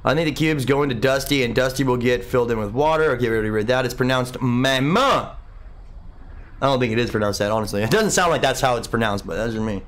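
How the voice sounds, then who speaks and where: A young livestream host with a medium-pitched, fairly bright voice speaks fast while streaming a game. Relaxed and rambling, he reads out viewer comments, responds to them, and keeps dropping "man."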